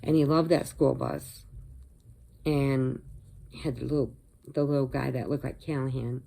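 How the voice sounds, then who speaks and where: A woman's voice: rumbling low, fairly even intonation, moderate pace, creaky, mellow. An older woman from Illinois, chatting casually and rambling on her crochet vlog, laughing often. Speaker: crochet vlogger. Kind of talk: casual chat.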